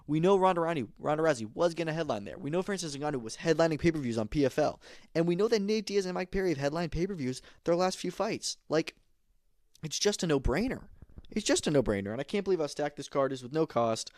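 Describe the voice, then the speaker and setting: A man's voice: on the high side, expressive, fast, a little mellow, dry recording, studio quality. A man hosting a podcast, giving casual, opinionated combat sports commentary with emphatic repeats and plenty of fillers. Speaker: podcast host.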